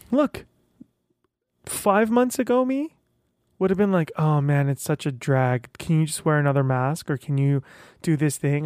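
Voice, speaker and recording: Man, podcast host, casual solo chat, animated storytelling, slightly high voice, dry close sound. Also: dry recording. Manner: chatty and animated, acts out quoted voices.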